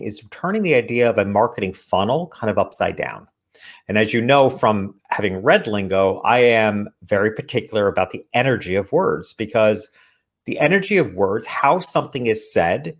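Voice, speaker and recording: A man's voice: fairly low pitch, lively intonation, normal speed. A man, an author guesting on an interview show, talking earnestly as he explains his ideas. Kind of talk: interview conversation.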